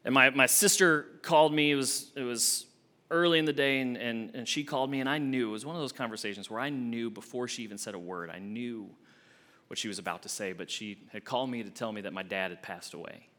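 A young adult man, an associate minister, preaching a sermon with expressive swings from emphatic to hushed. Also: mid-range voice, fairly quick.

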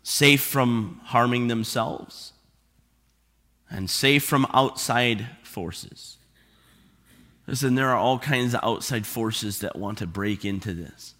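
A man preaching a sermon as pastor, stressing and repeating key phrases slowly for emphasis. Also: mid-range voice, a bit bright. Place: church sanctuary. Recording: long hall reverb.

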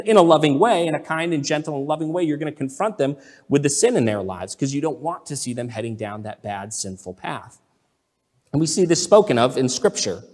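Guy preaching a sermon, kinda high voice, long echo like a big hall, keeps saying right?. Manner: earnest, repeats "right?" and restarts, reads scripture aloud. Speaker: pastor.

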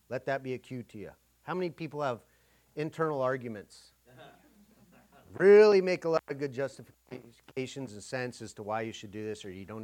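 A middle-aged pastor preaching a conversational sermon, often acting out inner dialogue. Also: male voice, mid-range voice, darkish tone.

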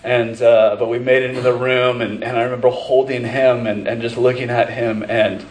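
A man's voice: mid-range voice, little pitch movement, moderate pace, reverberant, slight background noise, low-quality recording. A man preaching a sermon as pastor, telling personal stories in a conversational way with many fillers and restarts. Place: church sanctuary.

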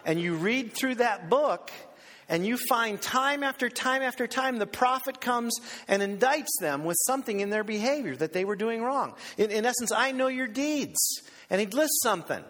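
A man preaching a sermon as pastor, animated and theatrical, acting out the voices he quotes. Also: moderate pace, in a large hall. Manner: animated, acts out quoted voices with big pitch swings.

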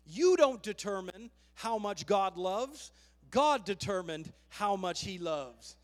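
A man's voice: high-pitched, sing-song, takes it slowly. A male pastor preaching a fervent sermon, calling "come on" to his congregation, in a long hall reverb.

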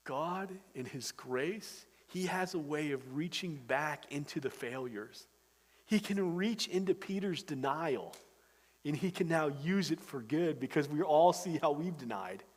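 A man preaching a sermon, moving between loud emphatic stretches and hushed, intense passages. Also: fairly high pitch, animated, unhurried, breathy edge. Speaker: pastor. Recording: long hall reverb.

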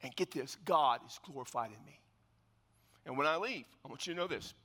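A man preaching a sermon as pastor, telling a biblical story with animated, acted-out scenes and dropping to hushed tones for solemn points. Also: mid-range voice, brisk, big-room sound.

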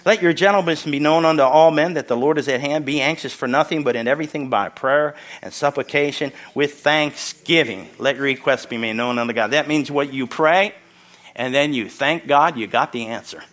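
Joking older pastor, fairly high voice. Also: male voice, normal speed, a bit bright. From Philadelphia area, US. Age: 60s. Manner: joking, exclamatory, frequent hallelujahs. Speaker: guest pastor. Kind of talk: sermon.

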